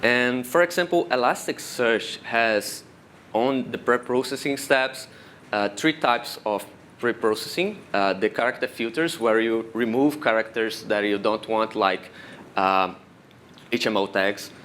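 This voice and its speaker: A man's voice: mid-range voice, unhurried, a little hiss or hum. A man from Brazil with a Brazilian accent and Portuguese as his first language, giving a technical conference talk that walks step by step through how things work. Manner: explanatory, steady walk-through of technical steps. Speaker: conference speaker. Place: conference room.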